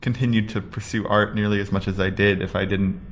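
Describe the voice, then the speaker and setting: A man, an interview guest and background artist, speaking in a laid-back, halting way with fillers. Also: on the low side, steady tone. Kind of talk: casual chat.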